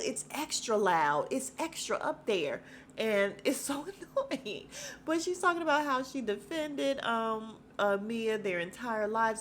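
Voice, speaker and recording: A woman hosting a podcast, recapping a reality show in a loose, slangy, animated way and breaking into laughter as she acts out the cast's lines. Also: on the high side, moderate pace, slight background noise. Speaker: podcast host.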